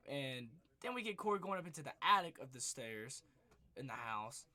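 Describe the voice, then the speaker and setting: A man's voice: medium pitch, big pitch swings, moderate pace, bright, forceful tone. A young man giving a casual spoiler recap of a movie, rambling and swearing freely, leaning on filler words. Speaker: movie reviewer.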